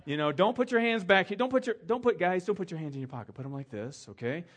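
A man's voice: high-pitched, animated, fast. Conversational man preaching a sermon. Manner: conversational storytelling, acts out quoted voices, drops soft for emphasis. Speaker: pastor.

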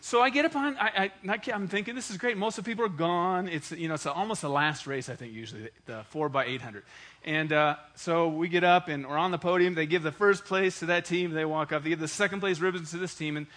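A man in his forties delivers a sermon in a bright, forceful voice that sits high for a man. He tells stories with humor and speaks straight to the people in front of him, animated and playful. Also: quick pace. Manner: animated, joking, talks straight to the congregation. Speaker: pastor. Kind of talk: sermon with personal storytelling.

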